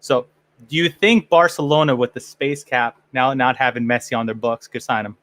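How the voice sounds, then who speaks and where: A man's voice: medium pitch, normal speed, a bit bright, dry recording. A man hosting a casual fan podcast, joking and rambling with frequent restarts. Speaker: podcast host. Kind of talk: casual chat.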